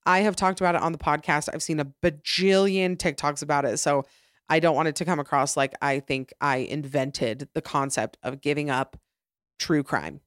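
A woman's voice: sits low, fairly even intonation, moderate pace, dry recording, studio quality. A young adult woman hosting her own podcast, talking in a chatty, rambling way with lots of "like" and restarts. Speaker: podcast host. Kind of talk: casual solo podcast chat.

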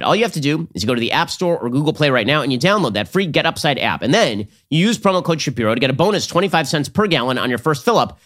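A man hosting a political commentary show, arguing in a rapid, sardonic way. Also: medium pitch, a bit bright. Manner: rapid, sardonic, argumentative delivery. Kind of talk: fast political commentary and read ad.

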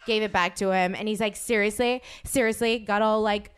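A woman's voice: mid-range voice, little pitch movement, fairly quick, clear, resonant tone. A woman hosting a podcast, telling a story in casual chat, acting out quotes and swearing freely. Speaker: podcast host.

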